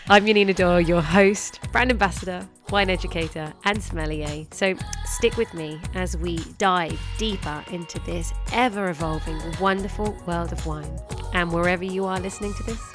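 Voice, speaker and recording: A woman's voice: on the low side, normal speed, music in the background. Bubbly woman podcast host. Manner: bubbly, laughs readily. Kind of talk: casual podcast interview.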